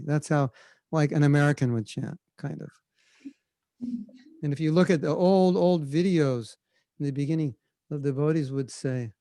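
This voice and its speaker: Relaxed male spiritual teacher, conversational storyteller, slightly raised pitch, dry close mic. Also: moderate pace, no room sound. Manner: relaxed, conversational, demonstrates chanting. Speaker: spiritual teacher answering questions. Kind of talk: storytelling Q&A on a video call. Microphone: video call.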